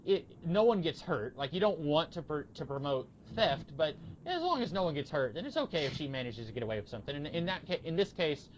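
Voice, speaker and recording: Man, casual podcast chat, rambling anecdotes, dull lo-fi sound, faint rumble behind. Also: fast talker, few pauses. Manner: rambling, animated storytelling with quoted voices. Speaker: podcast co-host. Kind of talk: casual comic book discussion.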